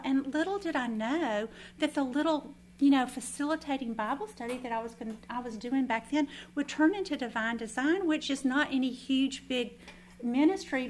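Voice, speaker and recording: A woman leading a Bible study, telling a lively personal testimony and then praying. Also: high voice, a little hiss or hum. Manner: animated, chatty storytelling with asides.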